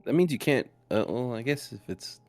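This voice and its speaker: Animated, joking male player at a game table. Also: medium pitch, moderate pace, soft background music. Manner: joking, teasing. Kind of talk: casual game chat.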